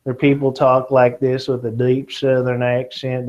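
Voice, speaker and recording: A man's voice: mid-range voice, measured pace, few pauses. Teacher guy joking with his class, medium voice, kinda muffled lo-fi audio. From Kentucky. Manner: lively and joking, keeps checking in with okay. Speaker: test prep teacher.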